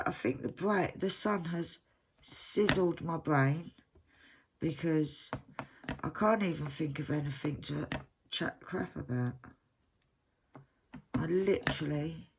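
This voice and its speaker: Woman, slow unhurried talk, rambling casual chat, self-mocking, clear clicking behind her voice. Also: sits low, noisy background. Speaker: crafting vlogger. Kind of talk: casual chat while crafting. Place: at home, at her craft desk.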